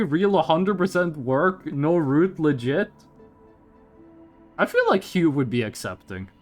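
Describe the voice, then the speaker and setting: High-pitched, lively young man streamer. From Scandinavia. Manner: joking, teasing banter with chat; animated, quick swings in pitch. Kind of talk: casual gaming stream chat.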